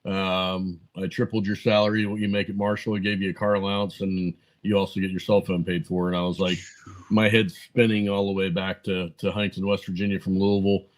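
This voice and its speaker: A man in his forties with a low, fairly flat voice, talking as a podcast guest. He rambles through anecdotes, full of "uh" and "um", and acts out both sides of old conversations. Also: fairly quick, low-quality recording. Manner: rambling anecdotes full of fillers and quoted dialogue. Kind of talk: casual storytelling interview.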